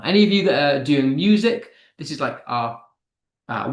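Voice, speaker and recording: A man's voice: a little high, sing-song, brisk, echoey room. A man teaching an online class, reading chat answers aloud and explaining step by step with frequent fillers.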